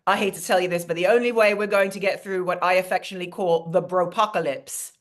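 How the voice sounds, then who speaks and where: A woman from Queens with a New York accent and a lowish, fairly even voice performs a playful comedic monologue over a video call, full of quick banter and asides.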